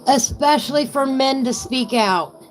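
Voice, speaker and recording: A middle-aged woman chats casually with viewers on a live stream. Her voice sits high and her pace is slow and easy. Faint music plays in the background. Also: rough recording. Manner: emotional, gushing to chat viewers. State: tearful.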